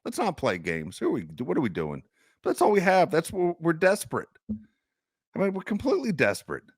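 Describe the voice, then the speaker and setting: A man's voice: fairly high pitch, wildly swooping pitch, brisk, slightly rough, dry recording, clean studio sound. A man co-hosting a sports podcast, ranting in exasperation about his team's play in casual chat. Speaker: podcast co-host.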